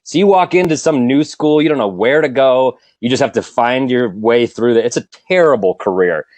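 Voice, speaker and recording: A man's voice: mid-range voice, moderate pace, a little mellow, no echo. A man guesting on a podcast, telling wry, profane stories in a casual chat. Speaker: guest comedian.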